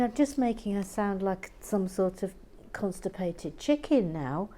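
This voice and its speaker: A woman with a sore throat talking softly to herself in ASMR style, slipping into whispers and dry teasing, close to the mic. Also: mid-range voice, lively intonation, a little slow, hardly any pauses. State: sore throat, has a cold. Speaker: host. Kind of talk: soft-spoken ASMR building commentary.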